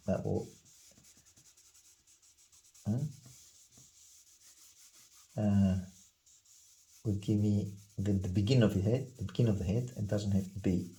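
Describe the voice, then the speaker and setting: A man's low, dark voice, slightly gravelly, guides a drawing lesson at a very slow pace. He murmurs short repeated cues while he shades, as if thinking aloud. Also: low-quality recording. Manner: calm, unhurried, muttering repeated words while sketching. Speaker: art instructor. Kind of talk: slow drawing tutorial narration.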